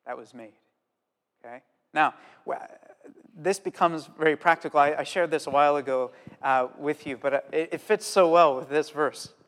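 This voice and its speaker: A man preaching a sermon, earnest and animated, slowing down to stress key points and telling stories from home. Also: on the high side. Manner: earnest, animated storytelling with pauses. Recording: long hall reverb.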